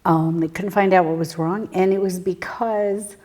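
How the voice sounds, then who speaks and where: A woman with a lowish, mellow voice tells her life story as an interview guest. She speaks earnestly and haltingly, with many fillers and restarts, and her voice sometimes drops to an almost whispered hush. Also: steady tone. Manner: earnest and reflective, dropping to a near whisper at intense moments. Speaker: guest, spiritual medium.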